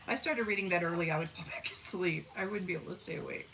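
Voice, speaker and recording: A woman's voice: lowish voice, fast talker, fairly bright tone, a little hiss or hum, low-quality recording. A woman in her forties from southern Missouri, hosting a casual live stream, chatting folksily with viewers and talking to her dogs. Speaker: livestream host. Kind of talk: casual live chat reading comments.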